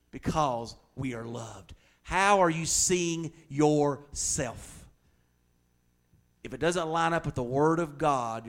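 A middle-aged man preaching to his congregation, his voice sitting a little higher than most men's. He speaks casually and jokes, then leans hard on his points with loud bursts. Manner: conversational preaching with humor and sudden loud emphasis. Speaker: pastor. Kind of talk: sermon.

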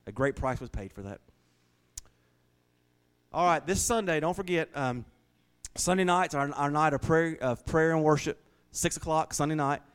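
A man's voice: on the high side, moderate pace, long pauses, clear, resonant tone. A man preaching a folksy, joking sermon in a small church, laughing often. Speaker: pastor.

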